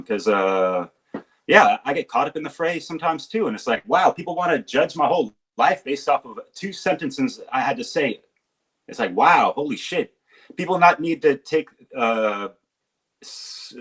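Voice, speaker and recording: A man's voice: mid-range voice, a bit bright, rough recording. A man talking in a podcast roundtable, blunt and heated, swearing freely as he makes his point. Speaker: podcast guest. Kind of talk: casual roundtable chat.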